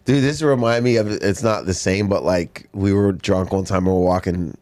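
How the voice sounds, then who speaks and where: A man from Canada, a comedian guest on a podcast, telling a story in lively, swearing casual chat in a studio. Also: low-pitched, normal speed. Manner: animated storyteller, swearing, acts out quotes. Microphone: studio microphone.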